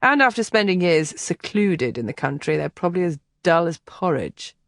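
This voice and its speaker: A confident young nobleman, measured and bluntly dry, pitched a little below the narrator's own voice, as a woman reads him. The recording is close and dead, with no room around it. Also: big pitch swings, no echo.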